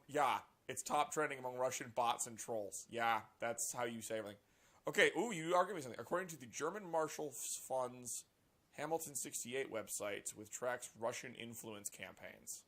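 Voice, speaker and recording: A man reading a news article aloud and reacting to it with sarcastic, profane commentary and animated outbursts. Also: mid-range voice. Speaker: political commentary vlogger.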